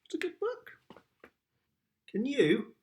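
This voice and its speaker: A British father reads picture books aloud in a slow, lilting voice. His pitch rises and falls playfully as he adds sound effects for his child. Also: huge pitch swings, darkish tone. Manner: slow and sing-song.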